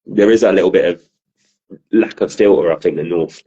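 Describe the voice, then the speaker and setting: Casual podcast co-host, male, southern English, deep husky voice, storyteller who swears. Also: fairly quick, dark tone, highs cut off. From southern England. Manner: laughing storyteller, swears freely. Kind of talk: casual chat.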